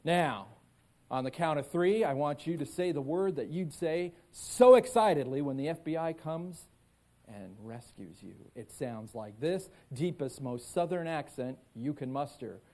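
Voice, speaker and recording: Male motivational speaker, slightly high voice, lively storyteller, live keynote, audience call-and-response. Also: measured pace. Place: conference stage before a live audience.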